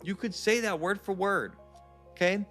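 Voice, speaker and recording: A man's voice: high-pitched, normal speed, a bit bright, faint music behind. Blunt, chatty man giving advice. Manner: blunt, conversational, addresses viewers as guys and bro. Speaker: self-help vlogger. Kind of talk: casual direct advice to camera.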